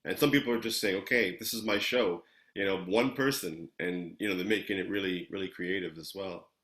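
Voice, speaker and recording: A man's voice: deep voice, brisk, a bit bright. Easygoing male host in an echoey room. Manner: easygoing, affirming, repeats words. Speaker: interview host. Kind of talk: casual interview chat. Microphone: video call.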